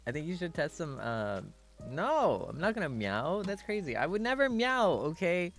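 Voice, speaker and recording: A man's voice: high-pitched, big pitch swings, moderate pace, a bit bright. A man chatting casually on a livestream, playful and rambling, full of teasing asides. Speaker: streamer.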